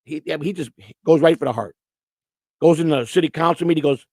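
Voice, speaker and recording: A man's voice: fairly high pitch, brisk, darkish tone, no echo. A man hosting a casual live-stream chat show, rambling and stammering through repeated restarts. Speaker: host. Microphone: computer setup with earphones.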